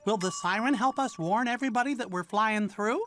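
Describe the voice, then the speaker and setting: A woman's voice: on the high side, a little fast, fairly bright tone, lightly acted. A woman voicing a cheerful male cartoon mouse who leads the way and coaxes viewers to call out, over background music. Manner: upbeat, coaxing the audience to call out.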